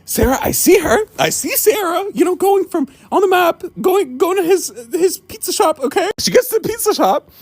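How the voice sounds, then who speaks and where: A man telling funny personal stories in a casual, animated way, swearing and laughing as he goes. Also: very high voice, normal speed, few pauses. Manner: animated and exaggerated, swears and laughs mid-story. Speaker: storyteller. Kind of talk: casual comedic storytelling.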